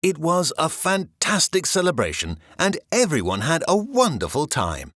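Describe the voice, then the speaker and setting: Male storybook reader, expressive bedtime read, very animated pitch, dry. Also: moderate pace, dry recording. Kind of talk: children's storybook read-aloud.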